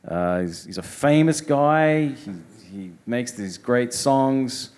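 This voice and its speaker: A man's voice: medium pitch, expressive, slow, darkish tone. A man hosting a live interview in a store, asking questions with hesitant joking asides. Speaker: host. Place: sneaker store live event.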